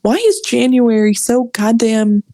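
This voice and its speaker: A young woman talks slowly in a laid-back podcast chat. Her voice is gravelly with fry, and the recording is dry and close. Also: fairly high pitch, lively intonation, dark tone, dry recording. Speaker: podcast co-host. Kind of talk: casual chat.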